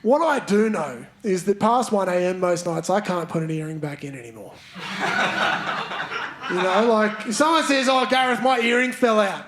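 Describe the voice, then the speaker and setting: A man with a fairly high voice works the room as a stand-up comedian, playfully teasing audience members. It is a live theatre recording with audience noise clearly audible behind him. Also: big pitch swings, moderate pace. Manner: playful, banters with audience members, leads chants. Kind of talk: stand-up comedy with crowd work. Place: large theatre stage. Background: audience laughter.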